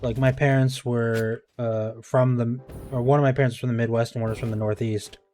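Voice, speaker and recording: A man chats loosely as he plays through a game on stream, his sentences wandering and doubling back on themselves. His voice sits in an ordinary middle pitch and carries a plain American sound. Music plays clearly behind him the whole time. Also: level tone, fairly quick. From United States. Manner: rambling, self-correcting, chatty asides. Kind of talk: casual commentary over gameplay. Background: music in the background.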